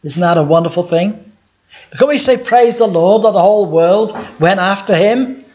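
A man's voice: high-pitched, normal speed, a little mellow. A male pastor giving an emphatic Bible teaching sermon, asking the congregation rhetorical questions. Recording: dull lo-fi recording.

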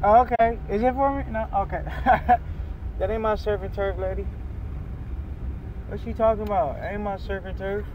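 A young man with a high voice rants loudly from his car, exasperated and swearing as he talks to a phone. Faint traffic hums in the background. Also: fairly even intonation, normal speed, long pauses. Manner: loud, exasperated, swearing, shifts pitch often. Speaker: vlogger. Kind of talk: casual vlog rant. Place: in a car in a drive-thru line.

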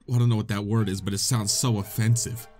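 A young man giving excitable, joking commentary while playing a video game, often laughing and swearing. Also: on the low side, fast, faint music behind. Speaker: gaming video host. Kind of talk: let's play commentary.

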